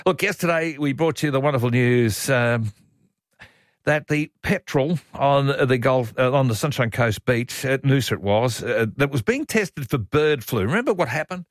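A man's voice: mid-range voice, lively intonation, moderate pace, no echo, clean studio sound. A man with an Australian accent hosting a radio show, in jokey, teasing banter. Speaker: radio host. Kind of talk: casual radio chat.

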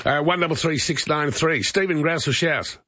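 An Australian man hosting a casual radio chat, relaxed and full of fillers. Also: on the high side, normal speed, no echo. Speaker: radio host. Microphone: studio microphone. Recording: dry, slightly muffled radio studio.

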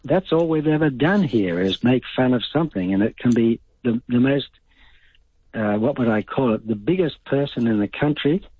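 Older aussie caller on a phone line. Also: male voice, mid-range voice, expressive, normal speed, breathy edge, dry recording. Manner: blunt, rambling opinions. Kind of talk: casual talkback call. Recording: dry phone-line sound.

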